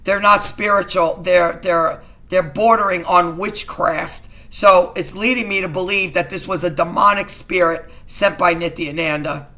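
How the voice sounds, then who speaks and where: A woman's voice: fairly low pitch, fairly even intonation, measured pace, hardly any pauses, pushed and bright. A middle-aged woman vlogging to her viewers in an emotional personal rant, indignant and agitated, often repeating herself.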